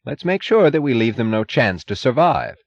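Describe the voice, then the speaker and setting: A man's voice: medium pitch, normal speed, no echo, dull audio, pitched above the performer's own voice, lightly acted. A man reading an audiobook, voicing a bitter, overwrought middle-aged tycoon with a trembling, feverish intensity.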